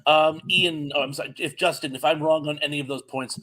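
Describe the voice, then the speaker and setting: A man's voice: a little high, steady tone, a little fast, fairly bright tone. A man with a Southern US accent co-hosting a live stream, reading out chat greetings in a friendly, chatty way.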